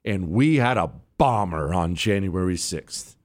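A man's voice: sits low, lively intonation, unhurried. A middle-aged man hosting a talk radio show, delivering an opinionated monologue with emphatic swings while fighting the hiccups. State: has the hiccups.

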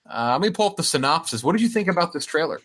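A man's voice: a little high, sing-song, racing, a bit bright, husky. Rambling casual male podcast host. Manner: rambling, with frequent fillers and restarts. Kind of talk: casual chat.

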